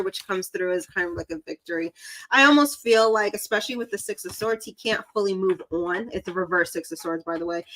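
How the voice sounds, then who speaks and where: Bright, giggly Southern woman. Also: medium pitch, rough recording. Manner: chatty, giggly, self-deprecating. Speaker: psychic reader. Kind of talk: live stream tarot reading.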